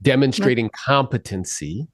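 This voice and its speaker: A man coaching real estate agents on a video call, energetic and blunt, swearing freely and quizzing his listeners. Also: medium pitch, moderate pace. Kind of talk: live sales coaching session.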